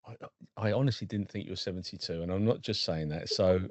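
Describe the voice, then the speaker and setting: A man's voice: sits low, fast talker, a little mellow, no room sound. Friendly male podcast host, dry sound. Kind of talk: interviewing a guest. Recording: dry, dull lo-fi audio.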